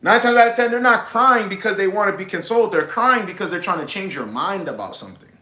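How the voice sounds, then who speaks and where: A man's voice: sits high, animated, fast talker, sharp tone, echoey room. A man giving blunt, emphatic dating advice to the camera, often calling listeners bro. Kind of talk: casual advice monologue.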